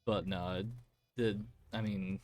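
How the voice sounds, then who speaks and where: A man's voice: low voice, fairly even intonation, slow, a little mellow, no echo, soft background music. A man streaming a shooter game, chatting casually with friends in a rambling, profane way and laughing often. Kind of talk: casual chat while gaming.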